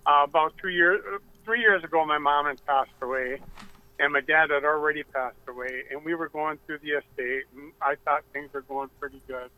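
A man calling into a radio show, telling his story haltingly with many pauses and fillers. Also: a little high, fairly even intonation, pushed and bright, low-quality recording. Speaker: caller.

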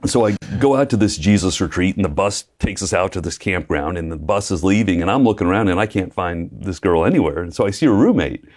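A man, a preacher and guest, telling his faith story in a lively way, acting out quotes and laughing often. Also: low-pitched, fast talker, few pauses. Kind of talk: personal testimony in conversation.

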